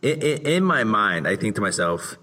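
Deep bright-toned male interviewer. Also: sing-song, moderate pace. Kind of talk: conversational interview.

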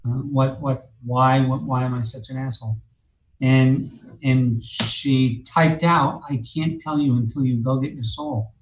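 A man's voice: mid-range voice, steady tone, measured pace, roomy sound, a little hiss or hum, low-quality recording. A man telling a long personal story as an interview guest, rambling and cursing, with many fillers and restarts. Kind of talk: casual storytelling.

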